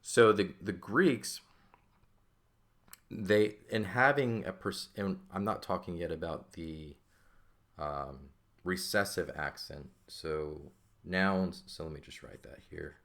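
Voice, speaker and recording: Very low-voiced man teaching a lesson. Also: slow pace, fairly bright tone. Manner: explanatory, checks in with "okay?" and "right?". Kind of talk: recorded language lesson.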